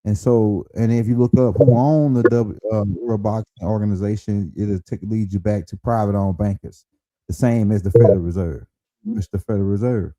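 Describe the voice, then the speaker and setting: A man's voice: fairly low pitch, fairly even intonation, moderate pace, mellow, no room sound, poor audio. A man hosting a casual live stream, talking in a loose, rambling way as he lays out his theories.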